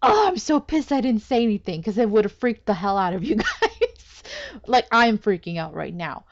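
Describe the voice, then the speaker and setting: A woman giving casual commentary as she plays a game, excitable, exclaiming and laughing often. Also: mid-range voice, fairly quick, highs cut off, a little hiss or hum. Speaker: let's play gamer.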